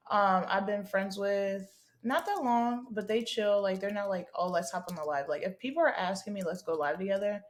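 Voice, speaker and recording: A woman's voice: medium pitch, a little mellow. A young woman hosting her own podcast, chatting casually and bluntly through listener questions, swearing freely and using a lot of slang. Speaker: podcast host. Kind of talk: casual solo chat answering listener questions.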